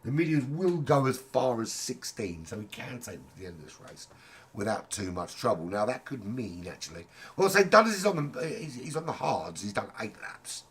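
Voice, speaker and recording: A man's voice: mid-range voice, very animated, normal speed, a bit bright, slightly rough. A man with a sore throat giving rambling, jokey, casually sweary live commentary on an online racing league. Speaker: race commentator.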